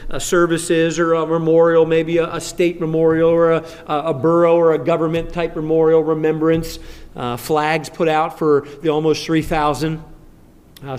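A man preaching a sermon in a conversational manner, rising to fervent emphasis when he reads Scripture. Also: fairly high pitch. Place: church sanctuary. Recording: long church reverb.

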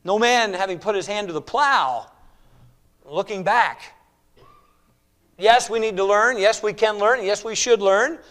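A man delivering a sermon with a high, light voice. He preaches emphatically, rising to loud exclamations and dropping to hushed lines, and repeats words and phrases for emphasis. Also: unhurried, pauses often. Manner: emphatic, swings between loud exclamations and hushed near-whispers.

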